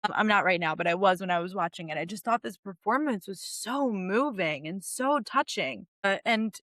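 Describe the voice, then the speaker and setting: A woman's voice: medium pitch, lively intonation, normal speed, fairly bright tone, dry recording, clean studio sound. A young woman co-hosting a podcast, giving a chatty, earnest TV recap with lots of "like" and "you know". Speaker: podcast co-host. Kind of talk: casual TV recap commentary.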